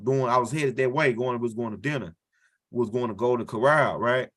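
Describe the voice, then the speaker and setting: Bright-voiced profane stand-up storyteller man. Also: mid-range voice, normal speed. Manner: loose, profane storytelling with frequent "right?" tags. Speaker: stand-up comedian.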